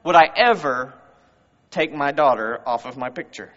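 A man's voice: mid-range voice, moderate pace, a bit bright. A man preaching a sermon to a congregation in a church, in a conversational style full of rhetorical questions. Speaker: pastor. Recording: muffled, long hall reverb.

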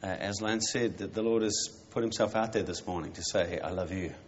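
Man, low voice, pastor, gentle measured prayer invitation, muffled sound, faint hiss. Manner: gentle, measured, with pauses and fillers. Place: church service. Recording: muffled church recording with faint noise.

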